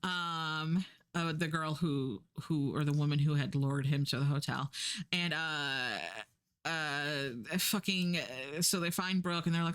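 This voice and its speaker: A woman's voice: low-pitched, fairly even intonation, takes it slowly, a bit bright, clear, resonant tone. A young woman streamer casually recapping a story, blunt and exasperated, swearing and doing mocking voices for the characters. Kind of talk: casual chat recapping a book.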